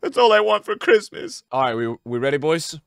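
High-voiced man streaming, shouting with excitement. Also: a little fast, vocal fry, no room sound, clean studio sound. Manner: shouts and shrieks with excitement, talks to chat. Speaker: streamer opening packs. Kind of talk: excited live-stream commentary.

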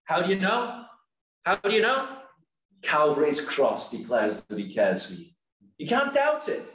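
A man preaching a sermon in a church, slow and emphatic, often asking rhetorical questions. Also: fairly high pitch, huge pitch swings, fairly bright tone. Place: church hall. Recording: echoey church hall.

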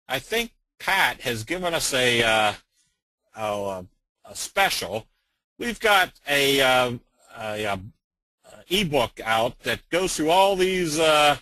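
Bright-voiced, folksy middle-aged man. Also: fairly high pitch, no room sound, low-quality recording. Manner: plain-spoken, folksy, frequent "uh" fillers. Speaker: trading educator. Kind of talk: webinar presentation.

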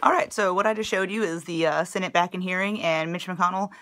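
A woman's voice: fairly low pitch, fairly even intonation, fairly quick, fairly bright tone, slight background noise. A woman vlogger ranting in angry, profane, sarcastic commentary.

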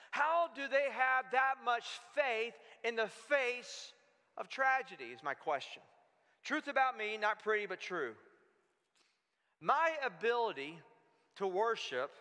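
A male pastor preaches in a conversational way, often putting questions to his congregation. His voice sits high and sounds bright. It rings with the long echo of a church hall. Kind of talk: sermon. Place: church sanctuary.

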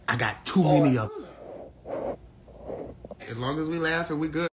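A man from Arkansas, hosting a casual livestream chat and trash-talking brashly and profanely, with sudden loud outbursts. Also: a little high, normal speed, background noise. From Little Rock, Arkansas, USA. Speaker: livestream host. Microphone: phone.

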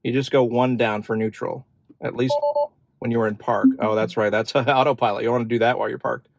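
Talking fast in a creaky, medium-pitched voice with fairly even intonation, a man hosts a car channel from his parked car; the recording is dry. He chats through a casual demo of the features, thinking aloud and using fillers.

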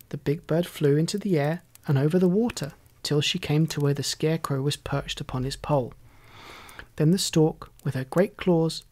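A storyteller reading a classic children's tale aloud in a measured, gentle way. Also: mid-range voice. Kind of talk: scripted storybook narration.

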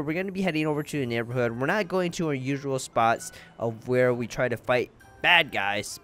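Excitable man commentating on gameplay. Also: mid-range voice. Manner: excitable, chatty, keeps addressing viewers as guys. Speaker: gaming channel host.

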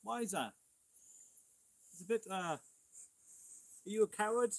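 Husky Welsh man taunting spirits. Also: high-pitched, measured pace, dry recording. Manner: provoking, questioning spirits directly. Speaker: paranormal investigator. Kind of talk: paranormal investigation, taunting questions.

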